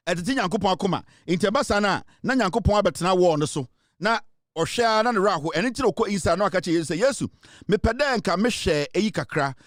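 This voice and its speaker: A Ghanaian man hosts a comedy show with a high, lively voice that jumps all over as he jokes and laughs. His sound is close and dry, with no room around it. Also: no room sound. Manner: animated, laughing often, mixing English into his talk. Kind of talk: comic commentary.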